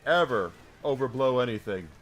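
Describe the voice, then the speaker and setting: A man's voice: medium pitch, expressive, normal speed. Rambling man streaming a game. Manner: rambling storyteller, lots of restarts, swearing it's true. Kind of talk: casual chat while gaming, talking to chat. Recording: faint game music underneath.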